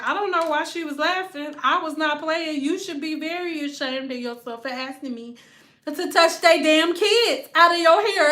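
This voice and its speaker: A hairstylist from telling a storytime vlog, animated and slangy, often slipping into other people's voices. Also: female voice, sits high, roomy sound. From Detroit.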